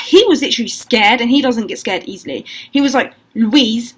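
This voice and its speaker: A woman's voice: on the high side, quick pace, few pauses, breathy edge, rough recording. A young woman telling ghost stories to camera in casual, swear-filled chat, acting out what people said. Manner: swears a lot, acts out quotes, animated.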